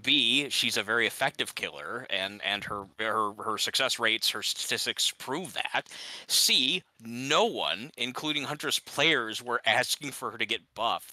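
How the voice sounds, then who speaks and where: A man's voice: medium pitch, lively intonation, measured pace, pushed and bright, dry recording, low-quality recording. A man chatting casually while gaming, ranting with exasperation and many restarts. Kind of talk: casual chat.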